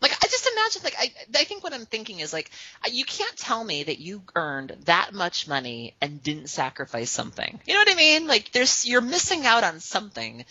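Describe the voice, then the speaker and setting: A woman's voice: mid-range voice, very animated, moderate pace, sharp tone, no room sound. A woman co-hosting a podcast, chatting casually and animatedly, laughing often. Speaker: podcast co-host. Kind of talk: casual chat. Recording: dull lo-fi phone-call audio.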